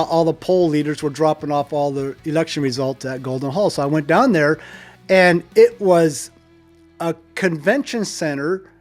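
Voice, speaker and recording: Older guy in his 60s rambling thru an old story, kinda high-ish voice, little music under it. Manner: digressive, loses track and chuckles. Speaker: storyteller host.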